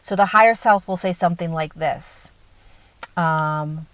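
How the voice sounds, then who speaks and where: A woman's voice: fairly low pitch, unhurried, a bit bright, no room sound. A woman giving a conversational spiritual teaching talk, direct and earnest, often checking in with the listener. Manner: conversational, checks in with "okay?" and "right?".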